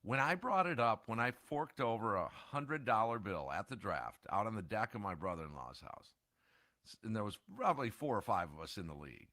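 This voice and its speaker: Animated bright-voiced male sports talker. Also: on the low side, no room sound, studio quality. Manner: animated ranting with rhetorical questions. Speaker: sports radio co-host. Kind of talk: casual sports talk.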